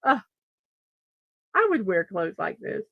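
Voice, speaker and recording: A woman's voice: medium pitch, wildly swooping pitch, takes it slowly, vocal fry, slightly rough, no room sound, narrow, tinny audio. A middle-aged woman hosting a daily morning show in a casual chat, reading birthdays and memes, laughing often and stumbling over names.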